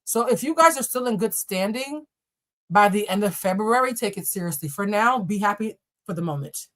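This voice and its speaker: A woman's voice: medium pitch, expressive, normal speed, a bit bright. A young woman hosts a live tarot reading, talking straight to her viewers in a loose, joking way. She swears freely and teases each sign. Her voice sits in an ordinary middle range for a woman. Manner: chatty, profane, joking asides to viewers. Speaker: tarot reader.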